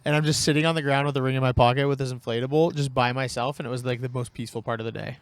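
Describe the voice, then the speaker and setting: Male podcast co-host, casual storyteller, lively with quoted lines, dry close sound. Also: mid-range voice, racing, no echo. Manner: animated, acts out quoted lines.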